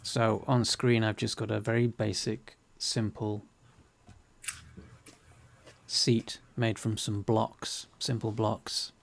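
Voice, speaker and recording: A man's voice: fairly low pitch, little pitch movement, slow, gravelly, pauses often. A man casually explaining a 3D program on screen, with many ums and restarts. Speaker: 3D tutorial host. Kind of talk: casual screen-share chat.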